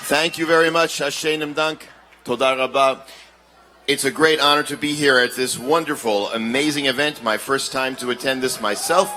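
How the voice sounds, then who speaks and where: A man's voice: mid-range voice, fairly even intonation, moderate pace, bright, forceful tone, slight background noise. A man performing as a ventriloquist in a live stage comedy act, mixing English with Yiddish and speaking straight to the children. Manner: mixes English with Yiddish, addresses children directly. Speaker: ventriloquist entertainer.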